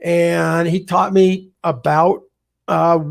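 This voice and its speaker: Man, high voice, energetic candid storyteller, podcast guest. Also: slow pace, vocal fry. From United States. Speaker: podcast guest, real estate investor. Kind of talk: casual storytelling interview.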